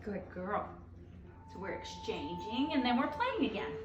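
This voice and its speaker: A woman dog trainer explaining a training demonstration while playing, switching between excited praise and firm commands. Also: mid-range voice, unhurried, roomy sound, recorded from a distance, lo-fi sound, over loud music.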